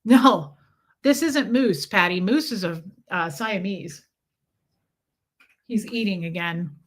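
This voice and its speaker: On a casual livestream, a middle-aged female host talks slowly in a mid-range voice. She chats with viewers, reads their messages out loud and coos at a kitten.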